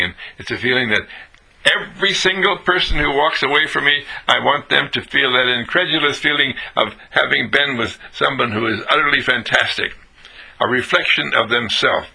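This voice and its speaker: A man giving a motivational monologue, acting out delighted, surprised exclamations in a lively, swooping voice. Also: mid-range voice, gravelly, breathy edge. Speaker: inspirational speaker.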